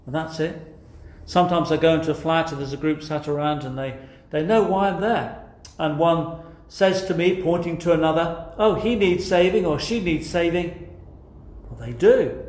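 A man's voice: fairly high pitch, moderate pace, a little mellow. A man preaching a sermon, earnest and emphatic, putting rhetorical questions to his listeners. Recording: echoey room.

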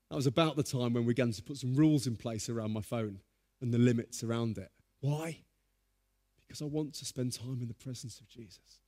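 A man preaching a sermon, telling stories in a lively, humorous way. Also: mid-range voice, a little fast.

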